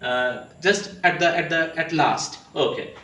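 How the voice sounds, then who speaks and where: A male teacher giving a grammar lecture to his students, pausing often and repeating phrases as he explains. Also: fairly high pitch, sharp tone. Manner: hesitant, many pauses and repeated phrases; addresses listeners fondly as students. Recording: echoey room, mic at a distance.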